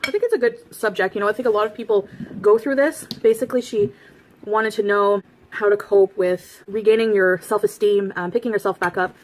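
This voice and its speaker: Fast-talking woman giving advice. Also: mid-range voice, steady tone, slight background noise. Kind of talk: advice talk to viewers.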